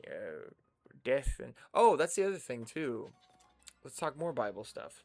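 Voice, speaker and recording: A young man talks in a relaxed, rambling way while he plays a game on stream. His voice has a gravelly, creaky edge and sits at an ordinary middle pitch. Faint game music plays underneath him. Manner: rambling, digressive, with filler pauses. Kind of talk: casual commentary while playing a game.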